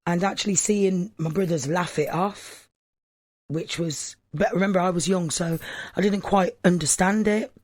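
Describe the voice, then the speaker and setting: A man's voice: high voice, moderate pace, no echo, studio quality. A man being interviewed for a documentary, recalling his school years thoughtfully as he searches for words.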